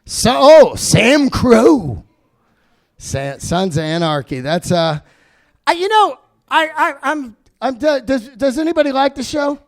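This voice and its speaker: A man doing a loud, profane stand-up set, ranting. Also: very high voice, animated, slow pace. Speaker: stand-up comedian.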